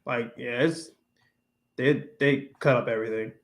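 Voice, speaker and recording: A man's voice: medium pitch, fairly even intonation, unhurried. Rambling man chatting on a livestream. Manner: rambling, many restarts and fillers, mixing English and Spanish. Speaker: livestream host. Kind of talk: casual chat with viewers.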